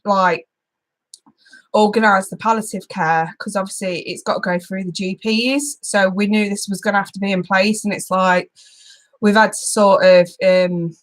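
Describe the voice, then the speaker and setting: A woman's voice: medium pitch, steady tone, moderate pace. Giggly, chatty woman. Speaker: tarot channel host. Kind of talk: casual live-stream chat with viewers.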